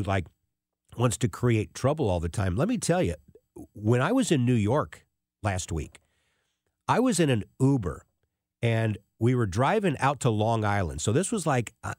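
A man in his sixties hosting a radio talk show, telling a rambling, animated story with many restarts. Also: on the low side, no room sound, clean studio sound. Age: 60s. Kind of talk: casual talk radio monologue.

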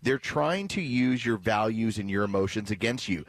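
A man's voice: on the low side, expressive, moderate pace, a little hiss or hum. A man co-hosting a talk radio show, emphatic and coaching in tone.

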